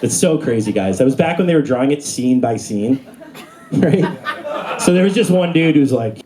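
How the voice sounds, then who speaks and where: A man's voice: mid-range voice, lively intonation, normal speed. A young man doing a stand-up comedy set on stage, talking in a casual, rambling way with lots of fillers. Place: comedy club stage before a live audience. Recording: live room with audible noise.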